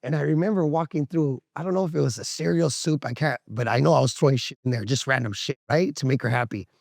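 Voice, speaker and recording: A man's voice: medium pitch, fast, gravelly, a little mellow, dry recording, clean studio sound. A man telling a candid, emotional story to the camera, slangy and swearing, acting out the voices of people in it. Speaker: interviewee telling his recovery story. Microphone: camera interview setup.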